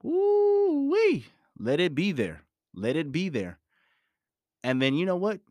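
A man delivers an emphatic motivational talk and drives his points home by repeating them. His pitch swings widely and expressively. The recording is dry, with no room echo. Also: sing-song, moderate pace. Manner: repetitive, emphatic, preachy. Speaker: motivational speaker.

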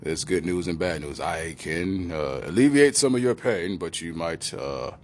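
A man's voice: sits low, expressive, unhurried. A man voicing a pompous, old-fashioned doctor with a put-on British accent, humming and pondering. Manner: pompous, hums and ponders, drawn out.

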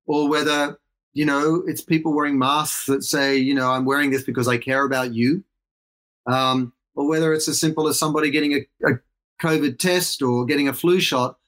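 A man's voice: medium pitch, a bit bright. A middle-aged Australian man in a casual interview, talking reflectively and rambling with restarts. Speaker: guest.

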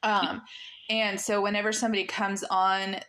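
Female podcast host, casual and chatty, mid-pitched, lots of ums. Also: level tone, normal speed, a bit bright. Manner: chatty, many fillers, laughs easily.

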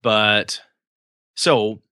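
Guy running tabletop games talk, lowish voice but really bright, dry close mic, laughs a lot. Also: drawn-out words, clean tone, no room sound. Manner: animated, swearing, laughing, acts out game scenes. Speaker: podcast host and game master. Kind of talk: casual chat about running tabletop games.

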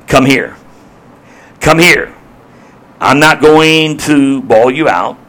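A preacher voicing a gentle, patient teacher who speaks softly and coaxingly in a lower voice. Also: male voice, slow. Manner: soft, low, coaxing.

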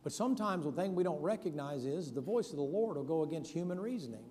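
A preacher with a mellow, dark voice, telling Bible stories in a folksy, conversational way. His sermon rings with the long reverb of a big hall, with faint room ambience underneath. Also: on the high side, animated, fast talker, a little hiss or hum. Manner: folksy storytelling preacher, acts out Bible scenes in casual voices. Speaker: pastor.

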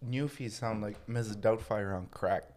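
A man's voice: lowish voice, normal speed, darkish tone. A man co-hosting a podcast, joking around in casual chat. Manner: joking, laughs often.

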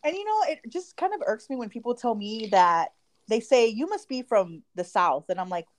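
A woman co-hosting a podcast in casual chat, talkative and quick to laugh. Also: fairly high pitch, sing-song. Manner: chatty, laughs often. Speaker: podcast co-host.

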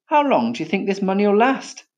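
Brief: a man playing a lofty, stern father figure, firm and a touch raised in pitch. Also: big pitch swings, moderate pace, a little mellow, dull audio. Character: stern proud older male firework maker.

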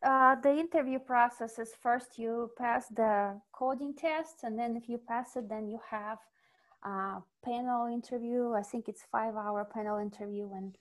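A young woman with a Russian accent, chatting casually as an interview guest, animated and laughing often. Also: a little high, moderate pace.

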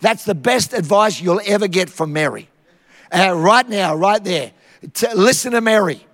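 A man's voice: high voice, moderate pace. A man from Queensland with an Australian accent, preaching a sermon and telling Bible stories with humour. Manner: lively storytelling, acting out Bible scenes with humour. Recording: long hall reverb.

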